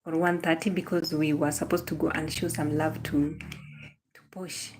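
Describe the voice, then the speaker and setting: Chatty Kenyan woman live-streaming, lowish voice. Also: flat delivery, normal speed, background noise. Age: young adult. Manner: greets viewers by name, repeats phrases; mixes Swahili into English. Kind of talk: casual live-stream chat.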